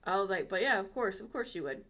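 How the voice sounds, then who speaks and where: Woman co-host, mid-pitch, storyteller type, swears freely, acts out the quotes. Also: animated, quick pace, a bit bright. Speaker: podcast co-host. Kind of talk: casual storytelling chat.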